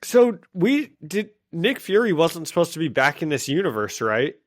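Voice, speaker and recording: A man's voice: a little high, very animated, moderate pace, no room sound, studio quality. A man co-hosting a podcast, chatting in a laid-back way full of "like" and "you know," and laughing often. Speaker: podcast co-host. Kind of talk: casual chat about a comic.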